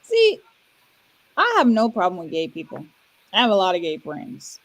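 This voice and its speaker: A woman co-hosting a podcast, telling a story in relaxed, chatty casual talk. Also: mid-range voice, normal speed, poor audio. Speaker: podcast co-host. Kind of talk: casual chat.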